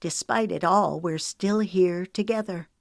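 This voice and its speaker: An older wife, spirited and emotional, who enunciates with emphasis, as a woman narrator plays her. Her voice is low and measured, recorded dry and close to the mic. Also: gravelly, no echo. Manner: emphatic, quivering.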